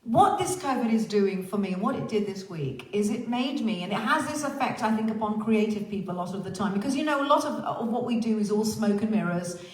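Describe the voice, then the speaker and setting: A woman's voice: medium pitch, animated, a little fast, hardly any pauses. A woman hosting a casual livestream chat, theatrical and chatty, swearing freely. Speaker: livestream host. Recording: roomy echo.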